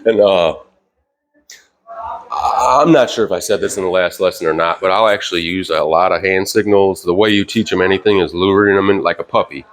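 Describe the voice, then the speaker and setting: A man with a very deep voice talks a little fast as he explains dog training in a casual, instructional way, indoors with the dog beside him. His easy, filler-heavy ramble ("you know," "like") gives way to brief commands that are louder, sharper and pitched higher.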